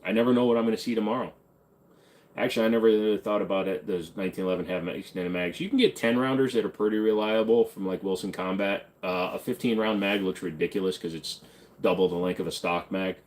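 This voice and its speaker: A man's voice: fairly low pitch, fast talker, a little mellow. A man hosting a live stream, answering chat questions in a blunt, offhand, casual way. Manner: blunt, offhand, hums and sings snippets between questions.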